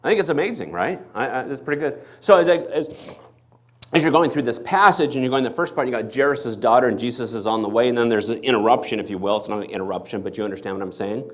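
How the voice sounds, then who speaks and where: Talking fast at a medium pitch, a man pastoring a church gives an animated sermon, playing each character in the story as he tells it.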